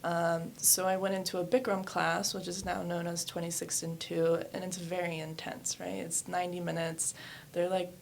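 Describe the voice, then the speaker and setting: A woman's voice: on the low side, little pitch movement, moderate pace, vocal fry, a little hiss or hum. A woman in her thirties, a yoga studio owner, telling her life story candidly in a casual interview, with many fillers. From New Hampshire and West Virginia.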